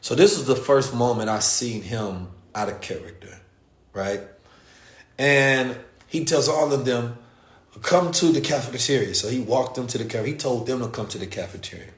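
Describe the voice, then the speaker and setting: A man's voice: mid-range voice, moderate pace. A man from the United States hosting a show and telling a story in casual, slangy talk, acting out the people in it. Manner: animated, slangy, acts out quoted voices. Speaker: podcast host. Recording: roomy echo.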